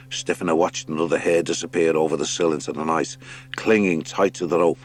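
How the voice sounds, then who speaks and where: Deep-voiced man reading an audiobook. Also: fairly quick. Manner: expressive storytelling. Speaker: audiobook reader. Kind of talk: scripted narration.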